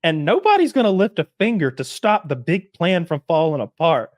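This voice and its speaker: A man co-hosting a podcast, chatting casually and profanely, acting out scenes in quick put-on voices. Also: a little high, big pitch swings, dry recording, studio quality. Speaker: podcast co-host. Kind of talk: casual chat.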